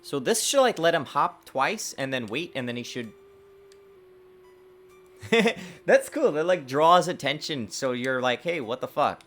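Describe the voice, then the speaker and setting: A man streaming his game development work, talking to himself in a lively, self-mocking way. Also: on the high side, unhurried, pauses often. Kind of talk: casual livestream dev commentary.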